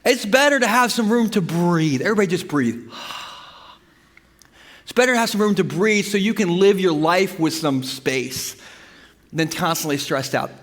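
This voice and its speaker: A male pastor preaching a sermon, his high voice ringing with long reverb through a church sanctuary. He tells stories in an animated, humorous way with sudden bursts of emphasis. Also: moderate pace. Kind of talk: sermon with storytelling.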